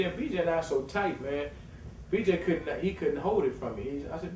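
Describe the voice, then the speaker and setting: A man who coaches youth basketball, telling a long story in a casual, animated way and acting out the voices of the people in it. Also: fairly high pitch, normal speed, slight background noise. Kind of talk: storytelling interview. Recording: echoey room, slightly distant mic, music behind.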